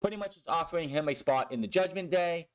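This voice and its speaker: A young man talks through a wrestling episode in a loose, casual way, swearing freely and growing frustrated at storylines that drag on. His voice sits a little higher than most men's. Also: fast, clear, resonant tone. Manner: blunt, frustrated, swears a lot. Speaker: wrestling show reviewer. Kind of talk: casual recap with profanity.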